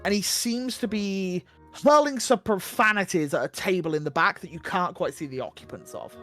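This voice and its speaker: Casting: a high-voiced dungeon master, loose and chatty, with faint music behind. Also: male voice, normal speed, a bit bright. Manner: casual, many fillers, laughing. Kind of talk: narrating a tabletop game.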